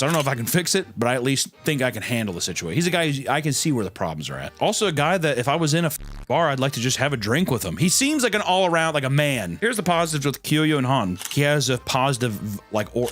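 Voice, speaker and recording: A man ranting casually and comically, rambling and joking as he goes. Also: medium pitch. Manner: animated, rambling, jokey. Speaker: streamer. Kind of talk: comedic casual rant.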